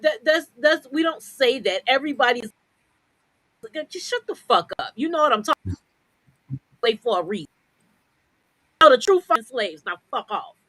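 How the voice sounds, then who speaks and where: A high-voiced woman rants on a podcast, blunt and full of profanity. Her delivery is confrontational and heated, and the sound is dry and close. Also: fairly bright tone, no echo, poor audio. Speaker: podcast co-host.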